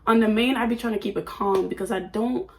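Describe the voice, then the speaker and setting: A woman's voice: fairly high pitch, brisk, a little hiss or hum. Chatty nineteen-year-old woman vlogging. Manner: chatty, oversharing, playful. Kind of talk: casual chat. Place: at home under a ring light.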